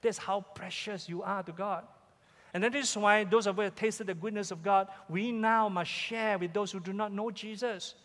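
A man's voice: high voice, fairly even intonation, moderate pace, a bit bright, in a large hall. A man with a Malaysian English accent, a pastor preaching an emphatic sermon in church and repeating his key questions. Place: church sanctuary.

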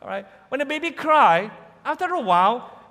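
A man preaching a sermon in an animated, playful way, sometimes imitating sounds for his listeners. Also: very high-pitched, normal speed. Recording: long hall reverb.

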